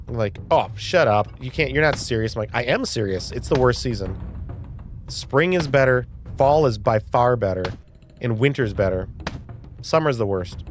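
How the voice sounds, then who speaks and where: A man in his early forties hosting a live stream, chatting casually and rambling, reading viewers' messages and swearing now and then. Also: medium pitch. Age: early 40s. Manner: rambling, chatty, swears, reads chat aloud.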